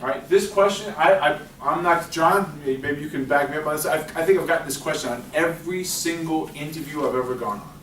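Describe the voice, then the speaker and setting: Male workshop presenter, slightly high voice, lively interactive delivery, recorded from a distance in an echoey library room. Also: fairly quick, hardly any pauses. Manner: lively, chatty, asks the audience questions. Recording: echoey room, distant mic, faint noise.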